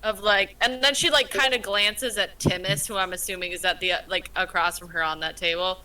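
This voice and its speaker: A woman playing a tabletop role-playing game, describing her character's actions in a meandering, relaxed way. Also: medium pitch, a little fast, poor audio. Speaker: player.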